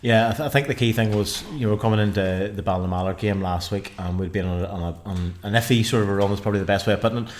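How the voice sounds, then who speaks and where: A man's voice: lowish voice, very fast, hardly any pauses. A man co-hosting a casual football podcast, rambling with frequent restarts and fillers. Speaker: podcast co-host.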